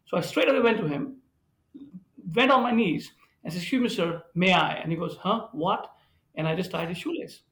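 Casual: high gravelly voice, man telling hospitality stories with lots of acted-out quotes. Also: normal speed, rough recording. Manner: animated storyteller, acts out quoted voices. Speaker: hotel managing director, guest. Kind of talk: storytelling in a podcast conversation.

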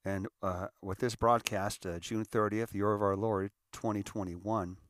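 A middle-aged man with a lowish voice speaks straight to his listeners in a heartfelt solo monologue. He sounds earnest and emotional, stumbling over and repeating words as he goes. The recording is dry and close, with no room sound. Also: steady tone, unhurried, no echo. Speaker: podcast host.

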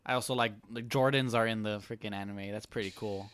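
A man's voice: lowish voice, fairly even intonation, fast, fairly bright tone, clean tone, no room sound. A man co-hosting a casual anime review chat, rambling with many fillers and laughing easily. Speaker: podcast co-host.

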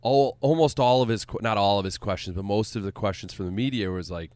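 A man's voice: on the low side, quick pace, a little mellow, dry recording. A man co-hosting a casual sports podcast, blunt and sarcastic, swearing freely. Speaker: podcast co-host.

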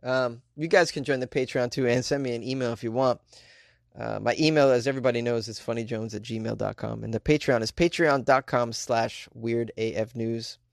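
A man's voice: medium pitch, fairly even intonation, moderate pace, vocal fry, no room sound, studio quality. A man hosting a comedy podcast in a casual, jokey monologue, a bit tipsy, reading listener mail aloud.

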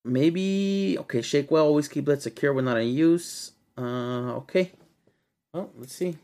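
A man's voice: a little high, measured pace, dark tone. A young man hosting a casual podcast, talking loosely and animatedly and swearing freely, calling his co-host dude and bro. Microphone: podcast studio mic.

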